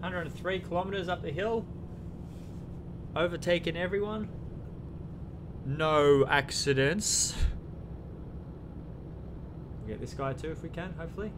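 A man's voice: on the high side, unhurried, long pauses, background noise. A young man casually commentating his trucking game, chatty and swearing often as he talks to himself. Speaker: let's play gamer.

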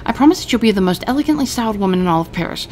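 A woman's voice: mid-range voice, lively intonation, racing, a little mellow, slight background noise, pitched above the performer's own voice, natural voice. A woman reading aloud as a nervous, eager male tailor, gushing and theatrical.

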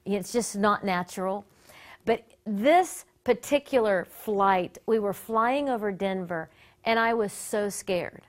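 A woman worship leader sharing a personal testimony story in an earnest, animated way that often breaks off and restarts. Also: medium pitch, slow. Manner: earnest and animated, with many self-interruptions.

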